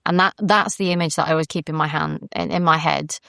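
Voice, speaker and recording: A woman speaks as a podcast guest in a candid conversation about faith, earnest and reflective, often circling back to restart a thought. Her voice sits a little low, and the sound is close and dry, with no room around it. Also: fairly even intonation, fast, vocal fry, sharp tone, no room sound.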